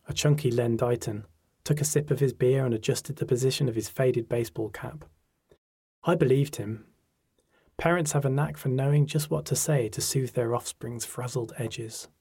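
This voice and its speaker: A man narrating a first-person story in an audiobook, measured and reflective. His voice is mellow and warm rather than bright, with a husky, breathy texture. The delivery is steady, like careful storytelling. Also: mid-range voice.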